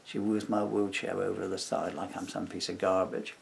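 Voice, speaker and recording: Low gravelly guy ranting at his computer, rambly and fed up, faint hiss behind. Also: flat delivery, brisk. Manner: indignant, rambling retelling with acted-out quotes. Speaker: vlogger. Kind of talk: personal complaint vlog.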